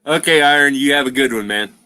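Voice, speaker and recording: A man's voice: mid-range voice, quick pace, pushed and bright, smooth, no room sound. A middle-aged man hosting a casual livestream, rambling through trucking stories with lots of laughs. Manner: rambling, laughs often, says "freaking". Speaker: livestream host. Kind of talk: casual chat and storytelling.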